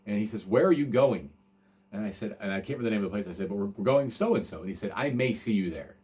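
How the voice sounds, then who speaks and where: A man's voice: lowish voice, rapid-fire, darkish tone. A man in his forties hosting a casual podcast, telling a rambling, self-deprecating story full of fillers and restarts. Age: 40s. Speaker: podcast host.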